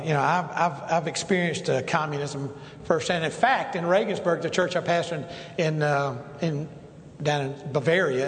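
A middle-aged male pastor telling rambling stories in a sermon, full of restarts and asides. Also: on the high side. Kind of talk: sermon storytelling. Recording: echoey hall with long reverb, faint noise.

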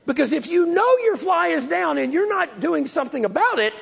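Give me a high, lively male preacher, gravelly, on a dull lo-fi hall recording. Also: brisk. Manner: animated, self-mocking storytelling. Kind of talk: storytelling sermon. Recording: lo-fi, echoey hall.

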